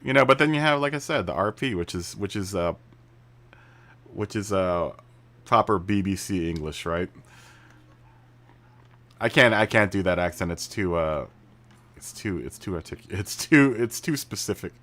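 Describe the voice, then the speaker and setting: A man's voice: low-pitched, animated, normal speed, pauses often, a bit bright. A man live streaming a racing game, chatting casually with viewers, laughing often and restarting his sentences. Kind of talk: casual chat while gaming. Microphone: studio mic through mixer.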